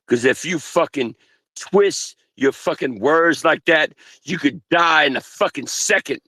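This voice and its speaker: A man's voice: fairly high pitch, pushed and bright, dry recording. A man ranting angrily, full of swearing and grandiose threats, lecturing the people around him. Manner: grandiose, threatening, swears constantly, slow drawn-out delivery. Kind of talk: angry profane rant.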